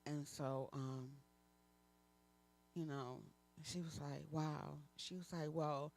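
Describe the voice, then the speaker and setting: A woman minister giving a personal testimony in church, telling her story candidly with frequent pauses and fillers. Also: low-pitched, fairly even intonation, darkish tone, a little hiss or hum. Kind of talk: personal testimony within a sermon.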